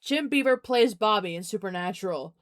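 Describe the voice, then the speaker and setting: A woman's voice: mid-range voice, lively intonation, brisk, no room sound, studio quality. A young adult woman streamer chatting casually, rambling, giggling often, and repeating herself. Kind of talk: casual chat.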